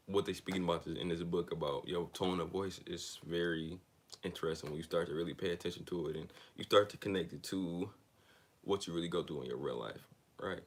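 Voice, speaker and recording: A man reading a self-help book aloud, stumbling and restarting on words, then drifting into loose, slangy asides. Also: sits low.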